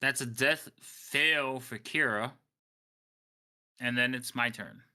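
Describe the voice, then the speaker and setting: Bright-voiced man running a tabletop game. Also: medium pitch. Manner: quick, explanatory, laughs often. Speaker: game master.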